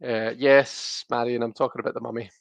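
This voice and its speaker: A man's voice: medium pitch, flat delivery, fairly quick, creaky, dry recording. A man hosting a casual tarot livestream, rambling and chatty with lots of restarts and fillers, talking straight to his viewers. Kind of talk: casual chat to live viewers.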